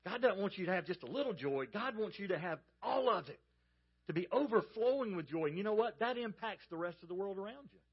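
A pastor from the American South with a Southern accent, preaching a sermon in a folksy storytelling manner and speaking straight to the congregation. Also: male voice, sits high, lively intonation, quick pace, husky, muffled recording. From Georgia, US South.

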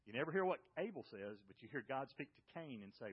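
Male pastor, lively sermon delivery, dull audio. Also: medium pitch, fast talker, breathy edge. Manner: animated preaching with rhetorical questions.

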